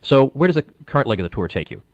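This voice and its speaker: A man's voice: medium pitch, big pitch swings, racing, no room sound, muffled recording. A man interviewing a musician, chatting with personal anecdotes before asking his questions. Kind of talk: radio-style interview questions.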